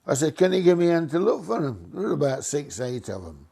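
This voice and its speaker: A man's voice: fast talker, gravelly, husky. An older man telling a funny anecdote about his bus driving days, acting out other people's voices as he goes. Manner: lively, acts out voices of passengers with raised pitch. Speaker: storyteller, former bus driver.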